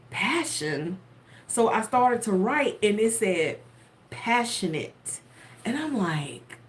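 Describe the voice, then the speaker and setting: A woman telling a spiritual story casually to her viewers, animated and laughing often. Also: on the high side. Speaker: tarot content creator.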